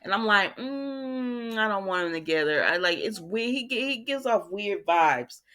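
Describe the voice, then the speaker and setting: A chatty woman with a drawl, recapping a soap opera episode for her viewers. She talks at a mid pitch in a loose, conversational way and slips her own opinions in between the quoted lines. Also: animated, a little slow, bright, forceful tone. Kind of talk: casual chat, recapping a TV episode.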